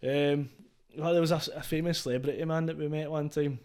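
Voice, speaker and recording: Scottish DJ guest, quick and raised-pitch, loose sweary storyteller. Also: male voice, steady tone, a little mellow, clean tone. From Scotland. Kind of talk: casual podcast chat.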